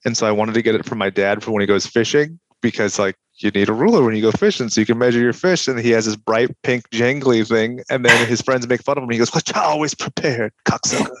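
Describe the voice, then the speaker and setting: A young man chatting on a podcast with dry, sardonic deadpan humor. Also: mid-range voice, fast, few pauses. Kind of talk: casual chat.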